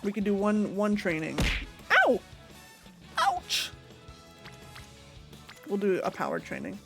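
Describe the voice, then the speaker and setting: A woman streaming a game live, excitable and giggly as she chats with viewers and greets them. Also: mid-range voice, brisk, vocal fry. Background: game music.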